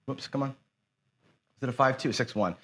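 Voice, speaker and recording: A man's voice: medium pitch, measured pace, pushed and bright. A man hosting a live dice-game stream, muttering and swearing in frustration as he talks to his viewers. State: dejected after a loss. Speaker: host of a live craps stream.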